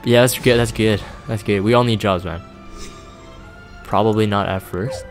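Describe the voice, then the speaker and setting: A man with a fairly low voice hosts a relaxed live stream, reading viewer messages aloud and musing with lots of ums and restarts. Faint game music plays underneath. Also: normal speed. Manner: reads chat aloud, rambling and laid-back with many fillers. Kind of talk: casual live-stream chat.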